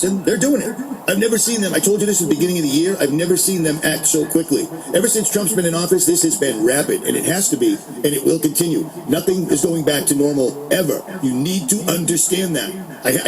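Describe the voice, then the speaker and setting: Fired-up man ranting fast. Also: fairly high pitch, rough recording. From Boston. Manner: heated, indignant, emphatic. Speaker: podcast host. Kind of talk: angry political rant.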